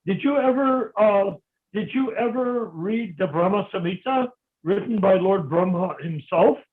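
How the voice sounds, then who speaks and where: Insistent male debater, higher register, heard over a thin phone-quality video call line. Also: a little slow. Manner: insistent, interrupting, lecturing. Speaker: discussion participant. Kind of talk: heated philosophical debate.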